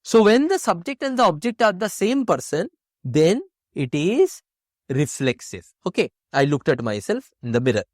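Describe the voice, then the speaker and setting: A man's voice: high-pitched, big pitch swings, moderate pace, no echo, studio quality. A man teaching an exam-prep grammar lesson, explaining step by step and asking and answering his own questions.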